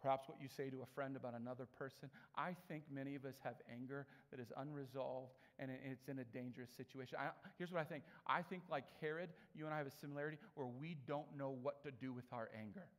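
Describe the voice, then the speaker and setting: A man's voice: medium pitch, fast talker, hardly any pauses. A man preaching a sermon in a chatty storytelling way, acting out the people in his stories. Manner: conversational storytelling with animated quoted voices. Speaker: pastor. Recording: long reverb of a large hall.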